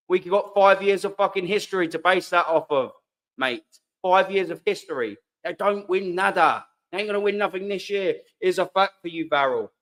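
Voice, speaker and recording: A young British man with a fairly bright, higher-than-average voice hosts a fan channel's live stream. He rants heatedly and sarcastically at comments, swearing freely.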